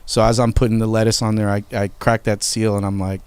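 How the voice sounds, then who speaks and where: A man's voice: lowish voice, flat delivery, fast talker, a little mellow, clean tone, dry recording. A middle-aged man hosting a podcast, telling candid, emotional family memories in casual talk and swearing freely. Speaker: podcast host. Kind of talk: casual storytelling.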